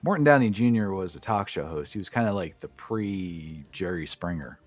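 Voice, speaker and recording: A man's voice: sits low, animated, moderate pace, no echo, soft background music. A man co-hosting a podcast, recapping wrestling matches in a casual, profane, enthusiastic play-by-play way. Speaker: podcast co-host.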